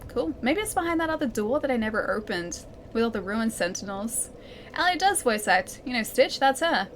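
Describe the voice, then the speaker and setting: A woman's voice: fairly high pitch, expressive, moderate pace, slight background noise. Giggly Australian woman streamer. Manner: chatty, giggly, talks to chat while playing. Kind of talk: let's play commentary.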